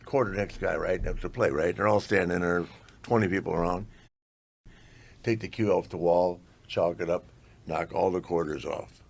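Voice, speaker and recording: A man's voice: deep voice, normal speed, vocal fry. A man in his seventies, a podcast guest telling rambling stories in a casual way. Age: 70s. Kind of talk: casual storytelling.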